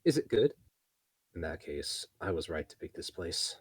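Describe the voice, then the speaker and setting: A man's voice: sits low, big pitch swings, moderate pace, breathy edge, no room sound, studio quality, exaggerated voice. A man voicing a chatty, flirtatious elf woman who talks in a sing-song voice.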